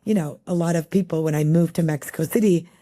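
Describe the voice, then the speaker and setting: A woman's voice: low voice, dark tone. A middle-aged woman from El Paso, Texas, telling stories in a chatty interview with plenty of fillers. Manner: chatty, many fillers, quick storytelling. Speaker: guest, magazine editor. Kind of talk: casual interview conversation.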